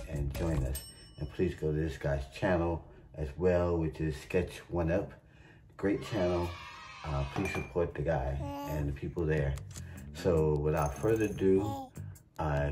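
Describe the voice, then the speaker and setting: A man hosting a reaction video, chatting in a laid-back way and talking straight to his viewers. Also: extremely low pitch. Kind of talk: casual reaction video intro.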